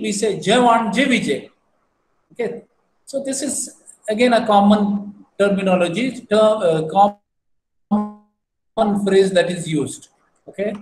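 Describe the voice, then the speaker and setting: A man giving a language lesson, patiently repeating each word and spelling it out. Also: sits high. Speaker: language teacher. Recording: roomy echo, faint background hum.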